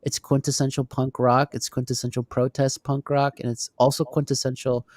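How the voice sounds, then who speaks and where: A man co-hosting a casual podcast chat, animated and swearing now and then. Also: medium pitch, moderate pace, no echo, studio quality. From Texas. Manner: animated, swears, laughs often. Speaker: podcast co-host.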